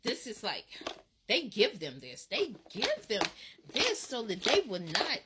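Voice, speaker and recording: A woman from Alabama, telling a casual storytime in an animated, dramatic way with laughs. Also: medium pitch, unhurried, very noisy. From Alabama, USA. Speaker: vlogger.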